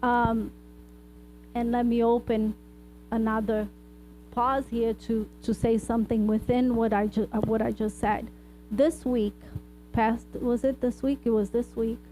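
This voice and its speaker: A woman's voice: fairly high pitch, flat delivery, a little slow, dark tone, a little hiss or hum, rough recording. A woman speaker and therapist giving an informal spiritual talk, addressing the audience with frequent asides and rhetorical "right?" questions. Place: hall of a spiritist society.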